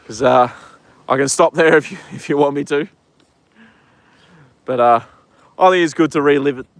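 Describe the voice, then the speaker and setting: A man's voice: a little high, normal speed. Laid-back guy telling stories. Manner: relaxed rambling storytelling with many fillers and swearing. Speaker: live streamer working in horse racing. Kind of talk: casual live-stream chat. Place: outdoors with horses in the wind. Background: faint wind noise.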